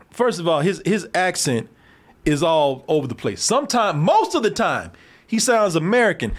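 A man with a high, bouncy voice hosts a loose movie review chat. He swears freely and breaks into laughter between rants. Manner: profane, animated, laughs often. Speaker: podcast host.

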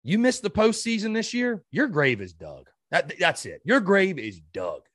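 A man hosting a sports podcast, furious and ranting, swearing and stammering as he vents, swinging between loud outbursts and low mutters. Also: big pitch swings, moderate pace, no room sound, clean studio sound. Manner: heated and ranting, swearing, with many stammered restarts. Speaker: podcast host. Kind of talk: sports fan rant.

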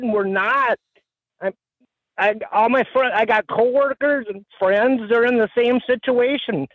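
Male radio caller, high-pitched, upset and venting, tinny dry phone line. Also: measured pace, dry recording. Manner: frustrated, emotional venting. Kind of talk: phoning in to talk radio.

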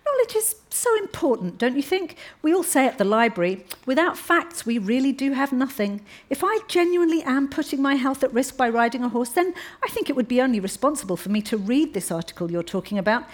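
Woman doing a feisty young wife, arch and pointed, voice pitched up high and bouncing all over. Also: big pitch swings, fairly quick, few pauses. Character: sharp-tongued young wife, defiant and witty. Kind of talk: audiobook reading.

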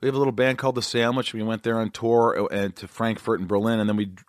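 A man's voice: fairly low pitch, flat delivery, quick pace, no room sound, studio quality. An American man in his forties hosting a podcast, telling rambling jokey anecdotes in casual chat. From United States. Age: 40s. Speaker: podcast host.

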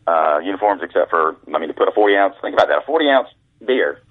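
A man's voice: low voice, very animated, fast talker, dry recording. A male author and guest telling folksy, rambling anecdotes over the phone. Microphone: telephone. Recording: tinny phone line.

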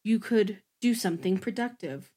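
A woman's voice: mid-range voice, moderate pace, mellow. A young woman chatting casually about an old cartoon, laughing often and acting out the characters' lines. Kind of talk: casual chat recapping a cartoon.

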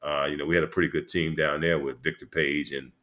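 Deep-voiced man in his sixties telling stories. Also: level tone, quick pace, bright, forceful tone. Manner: rambling, full of "you know" fillers and restarts. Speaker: former basketball player and coach, guest. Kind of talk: casual storytelling interview.

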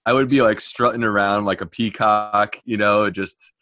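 A middle-aged American gastroenterologist joins a podcast as a guest over a remote call, chatting and joking with animated asides. His voice is fairly low and moderately paced, with clean studio sound and no echo.

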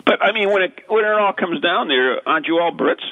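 Gravelly lively radio host, lo-fi. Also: male voice, high-pitched, brisk. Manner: curious, laughing interviewer. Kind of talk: casual radio chat.

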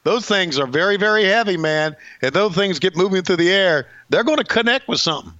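A man co-hosting a casual wrestling chat, wry and quick to laugh along. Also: high-pitched, animated, sharp tone, dry recording, muffled recording. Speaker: wrestling podcast co-host.

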